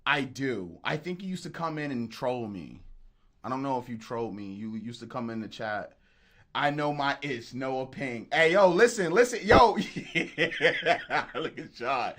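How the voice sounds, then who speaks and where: A man's voice: medium pitch, a little slow. A man making beats on a livestream, chatting casually and joking with viewers in the chat. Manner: animated, joking, talks straight to the chat. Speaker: beat producer streaming live.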